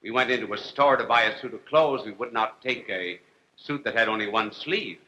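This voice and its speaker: A priest and TV host lectures a television audience in a sharp, bright, medium-pitched voice captured with dull audio. Wry and deliberate, he spaces phrases with long pauses and delivers dry jokes with a straight face.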